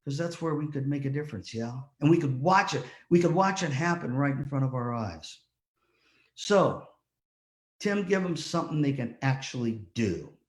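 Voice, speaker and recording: A man's voice: medium pitch, animated, moderate pace, echoey room. An older man giving a motivational talk as guest speaker, telling a story and acting out the voices of the people in it. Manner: storytelling, acts out quoted voices. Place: virtual conference talk.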